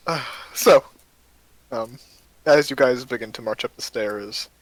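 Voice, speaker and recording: A man's voice: medium pitch, measured pace, poor audio. A man running a tabletop game as game master, narrating casually with many fillers.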